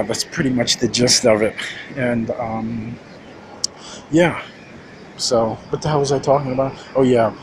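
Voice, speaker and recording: Rambling, cursing man with background noise. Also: medium pitch. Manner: rambling, profane, many restarts and fillers. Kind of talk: casual rambling monologue.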